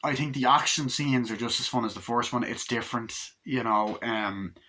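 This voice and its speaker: A young man rambles through a casual movie review, hyper and swearing freely. His voice is bright and forceful at a middle pitch, and he keeps jumping from one thought to the next. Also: fairly even intonation, moderate pace, slight background noise. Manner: hyper, rambling, heavy swearing, acts out quotes in silly voices.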